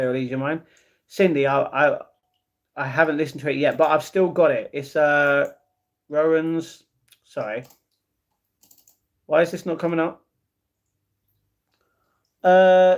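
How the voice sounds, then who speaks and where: A man hosting a casual livestream, reading viewer comments aloud and answering them with easygoing replies. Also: on the high side. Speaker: livestream host.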